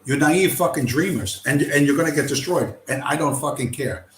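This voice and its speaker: A man's voice: fairly high pitch, moderate pace, a little hiss or hum. Profane combative man ranting on stream. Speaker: livestream host. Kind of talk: ranting livestream monologue. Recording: roomy echo.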